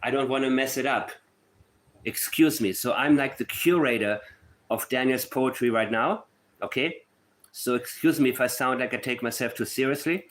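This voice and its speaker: A man's voice: medium pitch, normal speed, fairly bright tone. A man hosting a true-crime livestream, talking to his chat in a sarcastic, mock-emotional way. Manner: reads letters aloud in a syrupy mocking tone. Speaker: livestream host.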